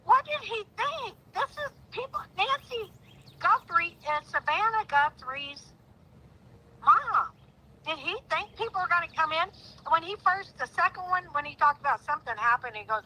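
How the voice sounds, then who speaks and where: A middle-aged woman, a guest in a casual conversation, talks with heartfelt emotion and occasional indignant outbursts. Her very high-pitched voice has a sharp tone and lively intonation at a moderate pace, though the recording is rough.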